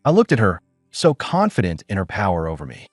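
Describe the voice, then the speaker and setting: Guy narrating a sad audio drama, lowish voice, lots of ups and downs, dry close sound, faint music under it. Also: huge pitch swings, fairly quick, no room sound. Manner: weary, bitter storytelling.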